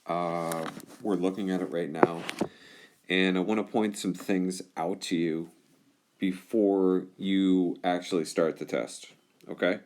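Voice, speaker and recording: A man's voice: low voice, fairly even intonation, slow, a little mellow, a little hiss or hum. A male teacher explaining test directions to his class, informal and reassuring, often checking in with "all right?". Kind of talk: explaining test directions over a whiteboard screencast.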